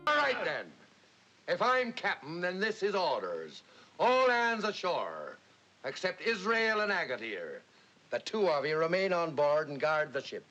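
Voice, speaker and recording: An actor playing a commanding male pirate captain in a 1950s film, barking orders gruffly. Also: fairly high pitch, huge pitch swings, a little slow, bright, forceful tone, faint music behind, exaggerated voice. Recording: dull old 1950s film audio.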